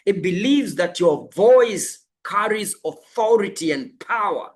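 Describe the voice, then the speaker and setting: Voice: mid-range voice, animated, unhurried. A life coach giving a motivational coaching talk, emphatic and repeating affirmations over and over.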